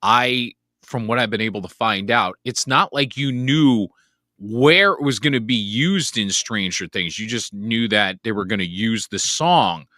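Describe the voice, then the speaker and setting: A male podcast host interviewing a guest, eager and quick to affirm. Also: on the low side, sharp tone, no room sound, studio quality. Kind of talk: casual interview.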